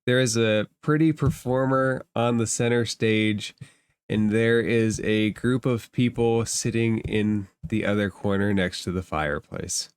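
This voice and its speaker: A man narrating a tabletop game as game master, slow and deliberate. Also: lowish voice, fairly even intonation, smooth, no room sound.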